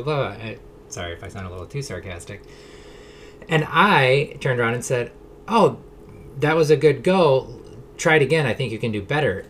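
A man's voice: mid-range voice, slight background noise. A middle-aged man hosting a solo podcast, talking in an earnest, rambling way with the odd sarcastic aside. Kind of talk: reflective solo monologue.

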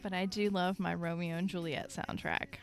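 A woman from Michigan in casual chat as a podcast co-host, animated and playful, laughing often. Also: on the low side, moderate pace, creaky, faint music behind. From Michigan, United States.

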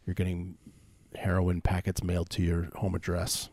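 A man co-hosting a casual comedy podcast, talking in a halting way as he builds dark, absurd details. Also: sits low, completely flat delivery, no echo, studio quality. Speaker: podcast co-host. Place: home, remote call.

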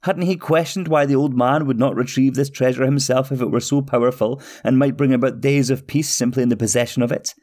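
A man hosting a storytelling podcast, reading a fairy tale in steady, expressive narration. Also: medium pitch, a little fast, hardly any pauses.

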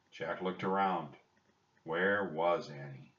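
Man reading a kids' chapter book, expressive, lowish voice, far from the mic in a roomy space. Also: unhurried. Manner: expressive storytelling with a lively tone. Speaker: audiobook reader. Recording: distant roomy dull home recording.

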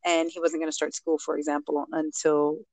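Woman, low gravelly voice, animated storyteller, dry close sound. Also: fairly quick, dry recording. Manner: animated, acts out quoted speech. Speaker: guest, author and mother. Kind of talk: casual storytelling interview.

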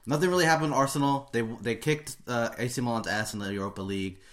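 A man's voice: medium pitch, quick pace, fairly bright tone. A man hosting a casual football podcast, talking in an easygoing way with fillers and restarts. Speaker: podcast host. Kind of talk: casual sports chat.

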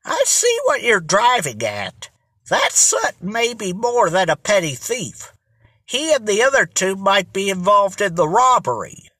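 A reader voicing a shrewd, measured police chief in a storybook reading. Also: mid-range voice, huge pitch swings, sharp tone, breathy edge, no echo, studio quality, full character voice. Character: shrewd police chief, middle-aged man.

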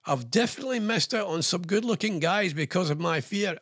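A man's voice: high voice, animated, a little fast, few pauses, fairly bright tone, no room sound, clean studio sound. A man with a Scottish accent hosting a radio show, reading quirky news stories and adding wry joking asides in a chatty way.

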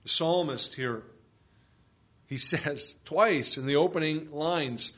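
A man's voice: medium pitch, moderate pace, fairly bright tone. A man preaching an expository sermon as pastor, emphatic and full of rhetorical questions.

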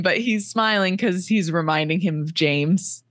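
A woman's voice: lowish voice, sing-song, moderate pace, fairly bright tone, dry recording, studio quality. A woman co-hosting a podcast, chatting casually and laughing often as she retells a book chapter, acting out the characters' lines. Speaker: podcast co-host.

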